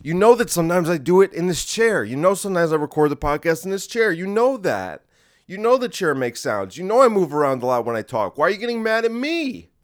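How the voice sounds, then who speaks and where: A man's voice: high-pitched, big pitch swings, fairly quick. Comedic male podcaster, rambling solo rant, direct to listener. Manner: rambling, combative, talking to the listener. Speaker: podcast host. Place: home room in a creaky chair.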